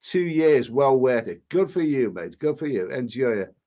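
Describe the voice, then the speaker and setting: Hosting a relaxed live stream, the travel vlogger reads the chat aloud and trades cheeky banter with viewers, with plenty of false starts. His voice is mid-range and dark in tone, very animated, at a normal pace.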